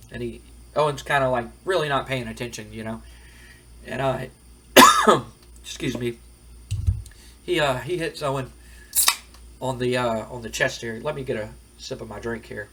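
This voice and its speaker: Husky-voiced guy recapping a game. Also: medium pitch, normal speed, pauses often, sharp tone. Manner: rambling, loose retelling with frequent fillers. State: dry throat. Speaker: game commentator. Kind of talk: casual game playthrough recap.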